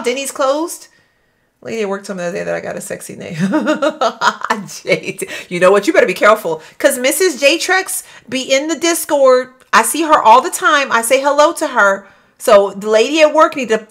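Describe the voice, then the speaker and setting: A young woman from Louisiana, chatting casually to her viewers while she plays a game. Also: on the high side. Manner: chatty, animated, talks to chat as "y'all". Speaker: gaming streamer. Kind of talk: casual live gameplay commentary.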